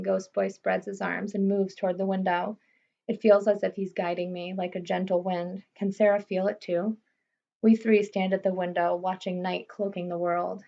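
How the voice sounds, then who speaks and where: A woman reading a first-person novel aloud in a steady, understated way. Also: lowish voice, normal speed, vocal fry. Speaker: audiobook reader. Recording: slightly muffled recording.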